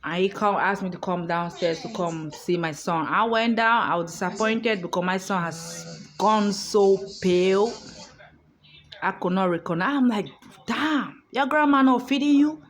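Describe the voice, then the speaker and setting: A woman's voice: fairly low pitch, normal speed. A woman vlogger telling a personal story in a casual monologue, emphatic and outspoken, swearing freely, recorded in a hotel room.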